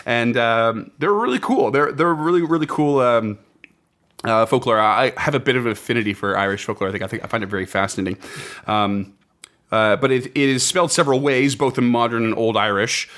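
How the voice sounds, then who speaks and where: A man's voice: medium pitch, brisk, a bit bright. A man hosting a casual podcast, reading out folklore notes with enthusiasm and laughing often. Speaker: podcast host.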